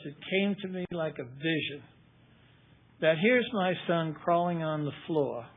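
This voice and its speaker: An older man tells his recovery story at a meeting. He keeps a wry, conversational tone, and his voice sits a little high. The recording is thin and tinny, like a phone line. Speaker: AA speaker.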